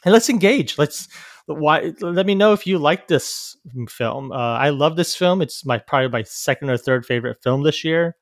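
A man's voice: on the high side, lively intonation, normal speed, no echo, studio quality. A man hosting a podcast, talking casually about films with many fillers, restarts and trailing-off asides. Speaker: podcast host. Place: live venue recording.

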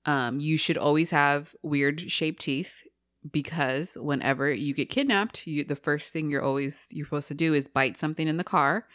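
A woman co-hosting a podcast with a bright, forward voice that sounds dry and close. She talks casually, with chatty, playful asides. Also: low voice, normal speed, dry recording. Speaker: podcast co-host. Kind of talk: casual chat.

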